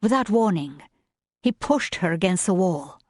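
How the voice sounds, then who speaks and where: A woman narrating a romance audiobook in a measured, even reading style. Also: on the low side, dry recording, clean studio sound. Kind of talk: scripted narration.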